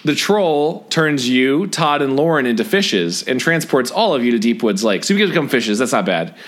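A man co-hosting a podcast in casual chat, excitable and rambling with many restarts. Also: medium pitch, moderate pace. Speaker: podcast co-host.

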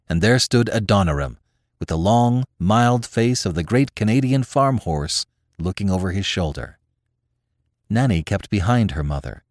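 A man reading a classic short story aloud as a podcast narrator, in an expressive, lively storytelling manner. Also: lowish voice, no room sound, clean studio sound.

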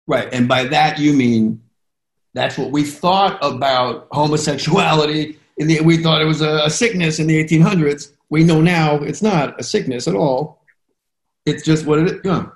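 A man with a fairly high-pitched voice, speaking at a normal speed, hosts an interview podcast in a room with a roomy echo. His talk in the interview conversation is passionate, rambling, and emotional.

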